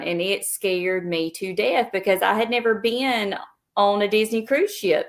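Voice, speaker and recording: Brief: woman, Southern US accent, mid pitch, plainspoken and modest, prone to tangents. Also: gravelly. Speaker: travel agent guest. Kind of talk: casual interview.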